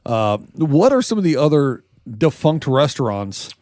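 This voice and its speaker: Male comedy podcast co-host, average pitch, dry-sounding, laughs a lot, loose rambling delivery. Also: big pitch swings, a little slow, darkish tone, dry recording. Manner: jokey, laughs often, rambling asides. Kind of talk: casual comedy podcast chat.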